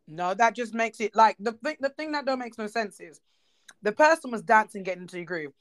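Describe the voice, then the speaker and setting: British woman, fairly high voice, blunt, sassy, emphatic casual chat. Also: expressive, a little fast. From United Kingdom.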